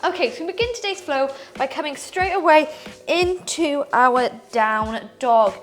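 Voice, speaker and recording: A woman's voice: high voice, measured pace, faint music behind. A young woman teaching a power yoga class, upbeat as she talks students through poses and counts breaths aloud while she moves. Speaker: yoga instructor. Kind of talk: guided yoga class instruction.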